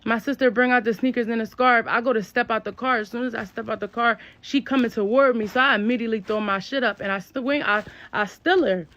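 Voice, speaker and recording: A woman's voice: fairly high pitch, quick pace, hardly any pauses, fairly bright tone. A young woman telling a personal story in a casual, blunt and slangy way. She spells out curse words. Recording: dull, lo-fi, dry sound.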